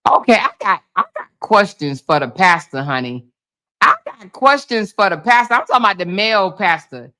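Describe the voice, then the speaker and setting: A woman hosting a casual reaction commentary. She talks in an animated, exclaiming way and calls her viewers "y'all" and "honey". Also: medium pitch, normal speed. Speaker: host.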